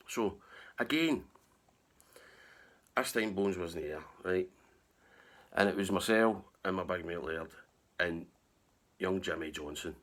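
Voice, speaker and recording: A man's voice: low voice, a bit bright. A man with a Scottish accent telling a rambling camping story in a casual, sweary way, laughing as he goes.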